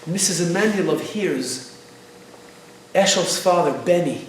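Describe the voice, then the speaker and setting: A man's voice: high-pitched, lively intonation, a little slow, long pauses. A man giving an inspirational religious class, telling a story earnestly and mixing in Hebrew phrases. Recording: echoey hall, distant mic.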